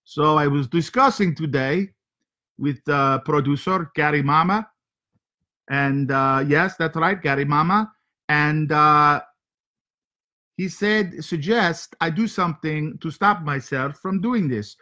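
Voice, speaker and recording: A made-up foreign twin brother, as a male host puts him on, chatting in halting, broken English with a thick fake accent. The voice sits a little high for a man and stays playful and rambling throughout, like a comic monologue on a talk show. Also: bright, forceful tone.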